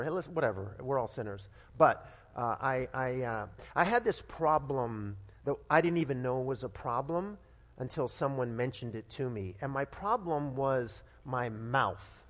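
A middle-aged man from Nevada, a pastor telling a personal story in a lively sermon, stumbling over restarts and bursting out loud. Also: mid-range voice. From Nevada, United States. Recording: long hall reverb.

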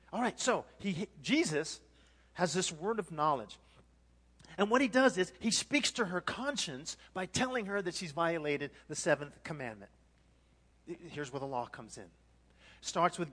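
Man, pastor, sermon, high pitch, lively, church hall reverb. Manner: animated, acts out dialogues, repeats words.

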